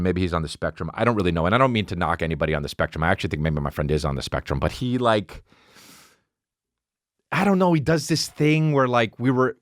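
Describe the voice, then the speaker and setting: Animated, profane man ranting a comic story. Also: medium pitch, no echo, clean studio sound. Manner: profane, animated, self-interrupting rant. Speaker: podcast host. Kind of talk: comedic storytelling monologue.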